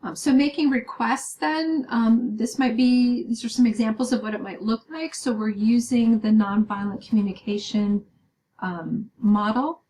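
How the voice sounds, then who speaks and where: A woman delivers a recorded lecture at normal speed in a fairly high, mellow voice with fairly even intonation. Her step-by-step explanation is full of "um"s and "right?" tag questions, and the audio is poor.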